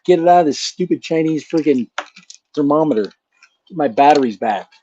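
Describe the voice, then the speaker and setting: A man's voice: on the high side, animated, normal speed, mellow, a little hiss or hum. A man hosting his channel in a casual live chat, rambling and joking with a chuckle. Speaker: channel host. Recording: dull lo-fi sound.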